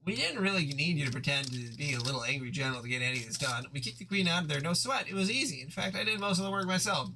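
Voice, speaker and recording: A man's voice: a little high, lively intonation, very fast, few pauses, pushed and bright, slight background noise. A man voicing a smug, boastful young female troll in a fan audio reading. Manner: smug, dismissive.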